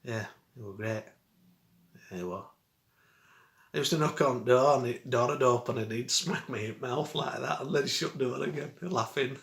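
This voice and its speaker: A man's voice: mid-range voice, normal speed, gravelly, a bit bright. A middle-aged man telling a rambling, chuckling story in dialect for his vlog. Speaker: vlogger. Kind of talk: casual storytelling. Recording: roomy echo.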